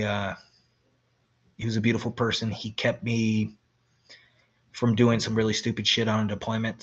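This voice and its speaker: A man's voice: on the low side, muffled recording. A man, an army veteran, casually telling stories about an old roommate, laughing often and acting out his friend's lines. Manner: relaxed, laughs often, imitates friends mid-story. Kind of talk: casual podcast storytelling.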